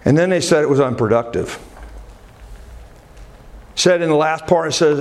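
A man's voice: on the high side, moderate pace. Male pastor, sermon delivery, quizzes the congregation as he preaches. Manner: preaching with call-and-response questions.

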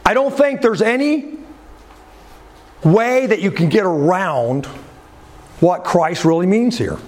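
Slow, high-voiced preacher man. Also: animated, darkish tone. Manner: deliberate, emphatic preaching with rhetorical questions; drops pitch sharply at the ends of phrases. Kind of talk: sermon.

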